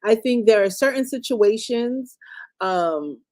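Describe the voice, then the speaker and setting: A woman's voice: fairly high pitch, expressive, takes it slowly, mellow. A woman who is a mother, co-hosting a casual commentary show and talking in a blunt, emphatic way. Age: adult parent. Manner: emphatic, blunt street talk. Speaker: co-host.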